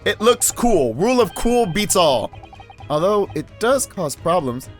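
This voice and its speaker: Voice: mid-range voice, very animated, measured pace, soft background music, voice pushed up. A player voicing an earnest young male law student in an exasperated, emphatic way. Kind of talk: let's play voice acting.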